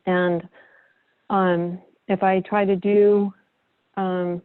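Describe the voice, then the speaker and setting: A woman student asking her teacher a question hesitantly, with many pauses and ums. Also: medium pitch, level tone, dry recording, phone-quality sound.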